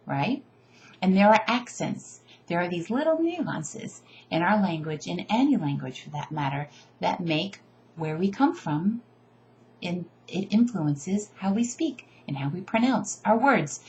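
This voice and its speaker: A woman's voice: mid-range voice, measured pace, muffled recording. Chatty woman teacher giving tips. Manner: chatty, animated, self-deprecating asides. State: tired. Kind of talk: casual instructional video.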